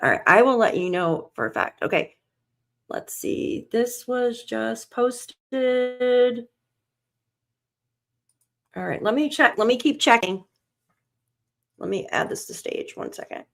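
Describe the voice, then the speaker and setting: Slightly high and gravelly, her voice moves with lively intonation, a slow pace, and long pauses. She is a live stream host covering a missing child case, on edge and trembling, speaking to herself as she searches for updates.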